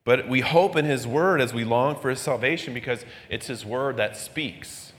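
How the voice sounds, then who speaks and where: A man's voice: normal speed, a bit bright. A male pastor delivers a midweek sermon in an earnest, conversational way, sometimes lifting his voice to act out the people he quotes. His voice sits in a middle register. A long reverb trails behind his words, as in a large church. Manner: earnest preaching, acting out quoted voices with rising pitch.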